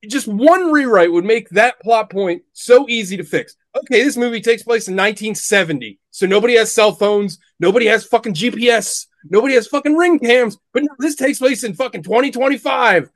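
A high-voiced man rants through a casual podcast chat, swearing often and sounding thoroughly exasperated. The sound is dry and close, with no room around him. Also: brisk, hardly any pauses, dry recording. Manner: profane, ranting, exasperated. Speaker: podcast co-host. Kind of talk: casual movie-review chat.

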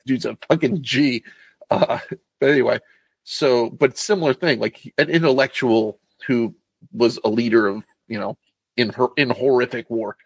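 A man's voice: medium pitch, normal speed, slightly rough, no room sound. A man chatting casually about a film, rambling and swearing as he acts out scenes. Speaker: podcast co-host.

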